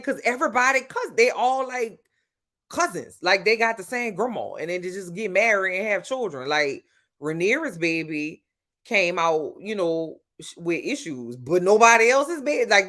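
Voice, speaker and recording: A talkative woman with a New Orleans accent hosts a casual livestream, chatting straight to her viewers. She is blunt and runs on, scattering "child" and "baby" through everything she says. Her voice sits at an ordinary middle pitch for a woman. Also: big pitch swings, normal speed, fairly bright tone. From New Orleans, USA. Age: adult with grown-up sons. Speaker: livestream host.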